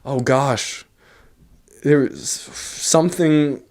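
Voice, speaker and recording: A man's voice: medium pitch, steady tone, a little slow, a little mellow, slight background noise. Rambling, self-mocking man ranting to camera. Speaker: vlogger. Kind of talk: casual rant vlog. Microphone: large studio microphone.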